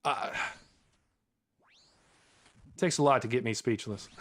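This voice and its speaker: An American man streaming a game live, excitable and chatty, repeating himself and laughing often. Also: medium pitch, takes it slowly.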